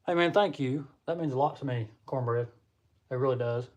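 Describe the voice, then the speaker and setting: A man's voice: medium pitch, a little fast. A young man with a Southern American accent, hosting a casual live chat on a stream in a chatty, folksy way. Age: young adult. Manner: folksy, chatty, addresses viewers as y'all. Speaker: livestream host. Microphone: computer or phone mic on a livestream.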